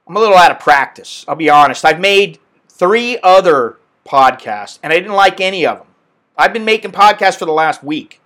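A man's voice: on the high side, a bit bright. A man in his mid-fifties hosting his own podcast, venting bluntly with lots of swearing and rambling restarts. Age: 50s. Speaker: podcast host. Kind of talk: solo podcast rant.

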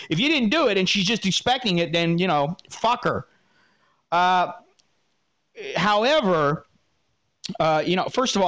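A man hosting an advice talk, reading a listener's letter and answering with blunt, profane, animated rants. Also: high-pitched. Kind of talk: casual advice commentary.

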